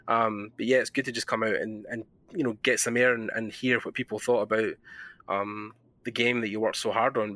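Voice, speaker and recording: A man's voice: lowish voice, pushed and bright, no room sound. A man with a Scottish accent hosting a podcast, chatting casually and telling stories with enthusiasm. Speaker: podcast host.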